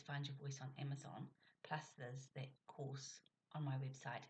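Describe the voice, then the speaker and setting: Low-voiced chatty woman. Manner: chatty, demonstrates stressed words with rising emphasis. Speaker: speech and communication coach and author. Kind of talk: casual vlog talk.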